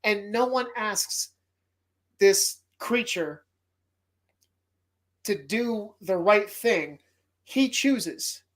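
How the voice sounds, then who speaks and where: A man hosting a relaxed movie podcast, talking through films with loud, profane enthusiasm. He acts out scenes as he goes and sometimes sounds choked up. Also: high voice. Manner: emotional, choked up at times. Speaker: podcast host. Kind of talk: casual movie podcast talk.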